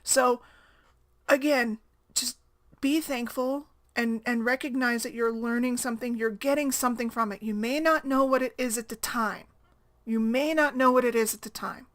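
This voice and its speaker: Chatty woman with a slightly high voice. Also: steady tone, moderate pace. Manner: rambling, conversational, keeps asking "right?". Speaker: single-mom blogger. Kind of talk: casual talk to camera.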